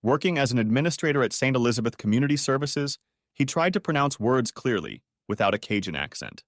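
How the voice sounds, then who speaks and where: A man narrating an audiobook story with expressive storytelling. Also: medium pitch, quick pace, no echo, studio quality.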